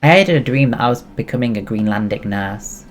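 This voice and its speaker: A streamer from England, chatting casually with viewers during a game stream, jokey and quick to giggle. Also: mid-range voice, expressive. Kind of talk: casual live-stream chat.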